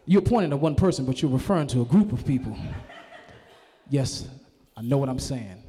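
A man doing a stand-up comedy set, profane and animated, now and then shouting in character voices. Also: medium pitch, brisk, long reverb tail. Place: live comedy venue.

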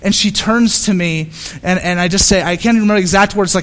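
A man with a fairly high voice preaches a sermon. His delivery is animated and earnest, full of restarts and repetition. The sound carries a long reverb tail, as if in a large hall. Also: fast talker, hardly any pauses. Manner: animated storytelling with repeated restarts. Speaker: pastor.

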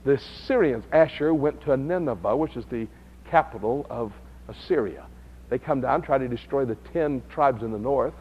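A man teaching a Bible study lesson, who builds to loud, high-pitched emphasis. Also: normal speed, slightly rough, dull audio.

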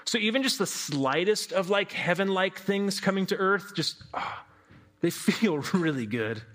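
A man delivers a devotional sermon in an easygoing, reflective tone, his voice sitting on the high side for a man. He speaks conversationally, slipping in casual fillers and turning often to rhetorical questions for his listeners. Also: lively intonation, unhurried, fairly bright tone. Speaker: preacher.

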